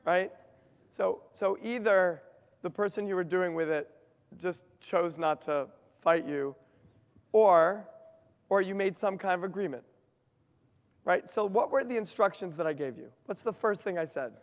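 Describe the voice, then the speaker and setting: A man's voice: sits high, a little slow. A man giving an interactive workshop talk, quizzing his audience and explaining in an emphatic way. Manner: asks the audience questions, lively and emphatic. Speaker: workshop speaker. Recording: long reverb of a hall.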